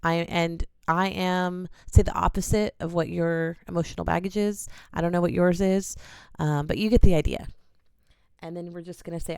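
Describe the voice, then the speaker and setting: Woman, low-pitched, gravelly, smooth, gentle earnest guide, casual talk. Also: fairly even intonation, moderate pace, dry recording, studio quality. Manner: gentle, earnest, coaching viewers step by step. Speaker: oracle card reader. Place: small home studio in a bedroom corner.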